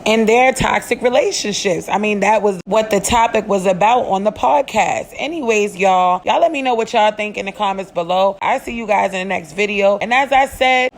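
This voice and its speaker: A woman's voice: mid-range voice, normal speed, hardly any pauses, a little hiss or hum. A woman, giving blunt, earnest commentary as a vlog host. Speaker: commentary vlogger.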